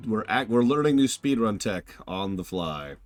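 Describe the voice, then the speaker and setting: A man giving casual, animated live-stream commentary while reviewing a game, laughing and joking at his own mishaps. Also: on the low side, moderate pace, soft background music. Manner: animated, laughing, self-mocking.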